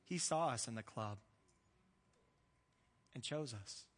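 A man preaching a sermon as pastor in a relaxed, conversational way, mixing in jokes and acted-out quotes. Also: medium pitch, slow, long reverb tail. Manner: conversational, joking, acts out quoted voices.

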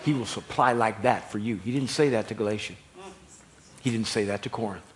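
A man preaching a sermon as pastor, building from calm teaching to loud, emphatic preaching. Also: on the low side, fairly quick.

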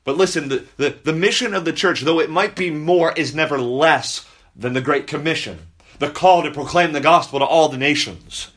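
A male pastor delivers a sermon with a fairly high voice for a man. He drives his main points home by repeating them slowly, and now and then he turns aside to talk straight to the kids in the room. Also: fairly bright tone. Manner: repeats key lines slowly for emphasis, talks directly to children.

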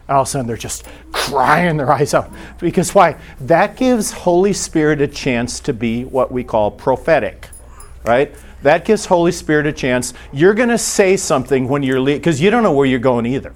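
A man's voice: fairly high pitch, expressive, normal speed. Conversational man teaching a church class. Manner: conversational, acts out short quoted exchanges.

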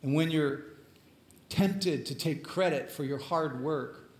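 A man preaching a sermon as pastor, earnest, moving between emphatic lines and hushed ones. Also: a little high, slow pace, reverberant.

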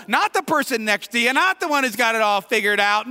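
A male pastor with a Midwestern American accent preaching a sermon, moving from quiet reflection to shouted emphasis. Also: very high-pitched, animated, brisk, few pauses. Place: church sanctuary. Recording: reverberant hall, distant at times.

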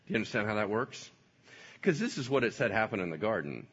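Male pastor, sermon, animated, husky, dull lo-fi recording. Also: lowish voice, fast. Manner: animated, playful, acting out voices. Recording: dull lo-fi sound.

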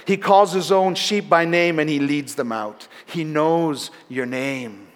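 A man preaching a sermon in a church, telling the story earnestly and often dropping softer for emphasis. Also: on the high side, slow. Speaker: pastor. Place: church sanctuary. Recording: long hall reverb.

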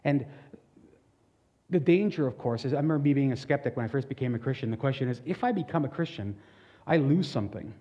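Man, pastor, sermon; warm, relaxed voice, earnest and chatty, long hall echo. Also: medium pitch, quick pace, dull audio. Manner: earnest, conversational preaching with frequent restarts.

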